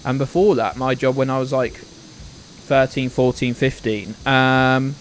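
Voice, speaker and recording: A man's voice: medium pitch, unhurried, slight background noise. A man in his twenties chatting casually on a live game stream, rambling, swearing now and then and greeting viewers by name. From United Kingdom. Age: 20s.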